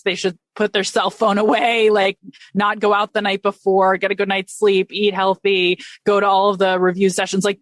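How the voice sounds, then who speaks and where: Middle-aged female academic guest; rapid, enthusiastic, self-correcting delivery, dry mic. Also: mid-range voice, dry recording. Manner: quick, enthusiastic explaining with restarts. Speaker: guest researcher. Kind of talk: podcast interview.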